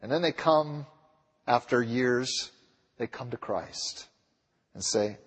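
A man preaching a sermon in a church, with a husky voice, pressing his listeners with repeated rhetorical questions. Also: medium pitch, slow pace, long pauses. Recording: long reverb of a large hall.

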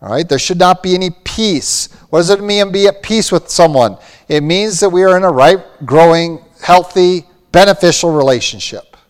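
A man's voice: sits high, normal speed, clean tone, long reverb tail. A man preaching a sermon with earnest emphasis, often quoting scripture. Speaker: pastor.

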